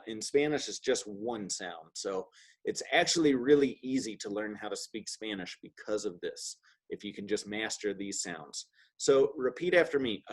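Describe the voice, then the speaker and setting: A male language teacher leads an online class over a video call. He talks in a relaxed, upbeat way and drills words for his student to repeat. His voice sits at an ordinary pitch for a man. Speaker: Spanish teacher.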